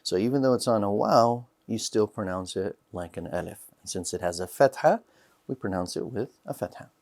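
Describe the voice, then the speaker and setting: A man teaching a recorded beginners' language lesson, calmly saying each practice word three times with careful, deliberate pronunciation and short explanations. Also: on the low side. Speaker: Arabic teacher.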